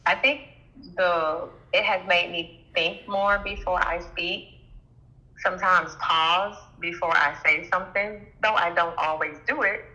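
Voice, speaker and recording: Woman, caller, bright tone, thoughtful, short searching phrases, muffled phone line. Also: on the low side, steady tone, unhurried. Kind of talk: casual call-in conversation.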